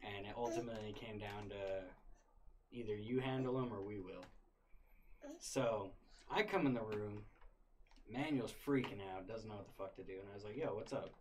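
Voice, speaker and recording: A man's voice: lowish voice, moderate pace, slight background noise. A young man casually retelling a wild story, full of swearing and laughter. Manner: profane, animated, laughing retelling.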